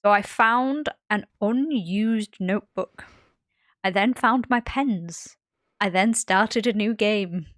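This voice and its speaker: A woman's voice: mid-range voice, slow pace, dry recording, studio quality. Rambling woman co-hosting a podcast. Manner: rambling, animated storyteller, frequent fillers. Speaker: podcast co-host. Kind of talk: casual podcast chat.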